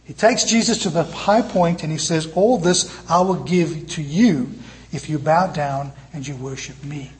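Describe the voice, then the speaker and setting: A man preaching a sermon in church, moving between lively emphatic passages and soft, tender quoted lines. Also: fairly high pitch. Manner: animated preaching, quoting scripture in soft tender tones. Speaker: pastor.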